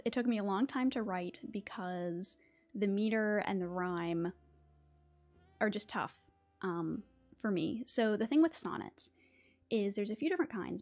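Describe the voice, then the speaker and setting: A woman from West Virginia hosting a casual livestream, chatting, laughing often and reading poetry aloud. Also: medium pitch. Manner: chatty, laughs often, many fillers and restarts. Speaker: YouTube host.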